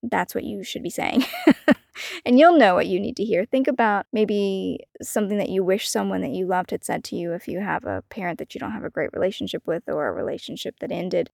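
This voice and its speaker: A woman hosting a solo wellness podcast, talking in a gentle, encouraging way and laughing often. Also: medium pitch, vocal fry, no echo, clean studio sound. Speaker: podcast host.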